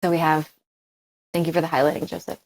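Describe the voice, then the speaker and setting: A woman's voice: sits low, level tone, fast, gravelly, darkish tone. A woman guest on a podcast in casual chat, playful and self-deprecating.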